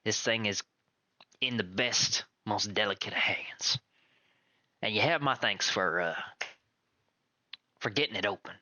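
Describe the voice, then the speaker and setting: A man's voice: lowish voice, unhurried, pauses often, bright, forceful tone, no echo. A man voicing a shady male junk merchant who talks in a slick, half-whispered way. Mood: smooth.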